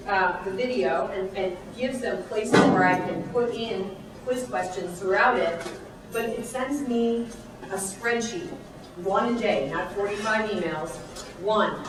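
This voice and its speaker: A woman teacher giving a chatty presentation with quick asides. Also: medium pitch. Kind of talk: classroom presentation. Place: presentation room. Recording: echoey room, far from the mic.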